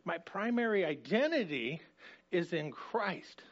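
A man's voice: sits high, sing-song, a little slow. A male pastor, giving a conversational, emphatic sermon with frequent restarts. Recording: dull lo-fi recording.

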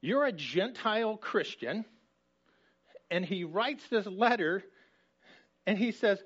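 A man's voice: high voice, animated, takes it slowly, long pauses, a bit bright, slightly rough. A male pastor, giving a conversational, emphatic sermon with frequent restarts. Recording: dull lo-fi recording.

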